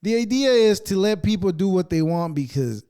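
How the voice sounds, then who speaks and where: A man's voice: high-pitched, normal speed, smooth. A man hosting a podcast, ranting casually with heavy swearing and sarcasm as he reacts to clips. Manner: profane, sarcastic, animated ranting. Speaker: podcast host.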